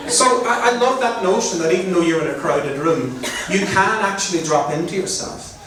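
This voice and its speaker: A man's voice: high voice, moderate pace. A middle-aged man with a Belfast accent, giving a chatty, joking talk to a live audience. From Northern Ireland. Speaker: guest speaker. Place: large hall with an audience. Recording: very echoey hall, mic at a distance, faint noise.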